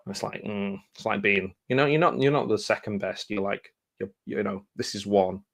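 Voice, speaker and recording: A man with a voice on the low side rambles casually through a stack of film blurbs. He reads a bit, stops to muse, trips over himself, and picks the thread back up. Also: fairly even intonation, normal speed, gravelly, fairly bright tone. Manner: rambling, self-interrupting, musing aloud; reads blurbs then breaks off with asides. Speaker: film vlogger. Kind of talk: casual chat, reading film blurbs aloud.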